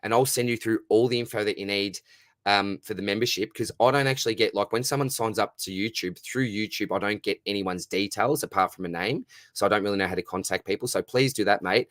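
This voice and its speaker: Matey Australian man, low dry voice. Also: fast, a bit bright, dry recording. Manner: matey, upbeat, answers viewer questions one by one. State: losing his voice. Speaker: live stream host. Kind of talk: casual live Q&A chat.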